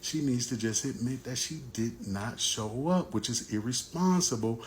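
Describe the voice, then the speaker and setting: A man's voice: medium pitch, lively intonation, moderate pace, slight background noise. A man casually recounting a personal story as a vlogger, plain-spoken and repeating points for emphasis. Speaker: vlogger recounting his divorce.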